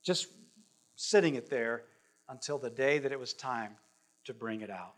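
A man's voice: medium pitch, lively intonation, normal speed, fairly bright tone. A man preaching a sermon as pastor, earnest and conversational, stretching out key phrases for emphasis. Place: church sanctuary.

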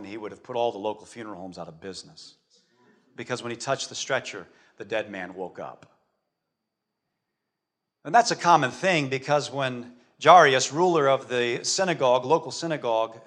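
A male pastor preaching a sermon as animated storytelling, swinging between loud stretches and hushed ones. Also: medium pitch.

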